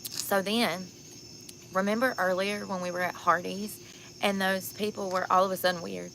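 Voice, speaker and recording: A woman's voice: mid-range voice, fairly even intonation, normal speed, gravelly, fairly bright tone, a little hiss or hum. A tired, sunburnt woman vlogging outdoors at night, telling stories bluntly and candidly and laughing often. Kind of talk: casual outdoor storytelling vlog.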